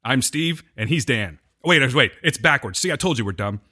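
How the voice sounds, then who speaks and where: A man's voice: medium pitch, animated, moderate pace, sharp tone. An American man co-hosting a podcast, recapping a TV episode in casual chat and teasing his co-host with jokes. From United States.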